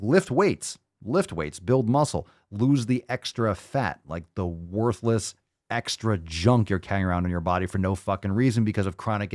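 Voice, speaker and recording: A man rants as a podcast host, mocking and blunt, swearing freely. His voice sits low but swings widely in pitch. The sound is close and dry. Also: no echo. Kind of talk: profane ranting commentary.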